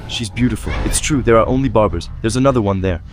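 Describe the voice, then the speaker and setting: A travel vlogger with a lowish voice talks quickly while walking through hilly city streets. His chat is casual and rambling, he repeats his words a lot, and background noise can be heard.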